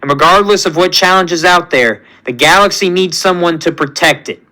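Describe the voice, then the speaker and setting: A man's voice: sits high, a little fast, pushed and bright, low-quality recording. A man doing an easygoing space captain. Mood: rallying. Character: easygoing male space team leader.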